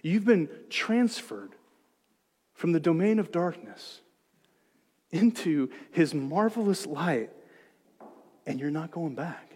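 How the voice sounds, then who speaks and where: A man preaching a sermon as pastor, moving between hushed, gentle reassurance and loud, emphatic exhortation. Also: a little high, big pitch swings, takes it slowly, pauses often, slightly rough, in a large hall. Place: church sanctuary.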